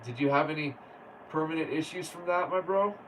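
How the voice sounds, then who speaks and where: A man's voice: fairly high pitch, a little fast, fairly bright tone. A man hosting a casual livestream, reading viewer comments aloud and chatting in a laid-back way with frequent laughs. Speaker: livestream host. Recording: distant mic with faint background noise.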